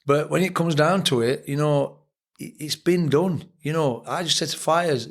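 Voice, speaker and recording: A man's voice: on the high side, normal speed. An older man with a Sheffield accent, a boxing trainer telling reflective, blunt stories as a guest on a casual podcast interview. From England.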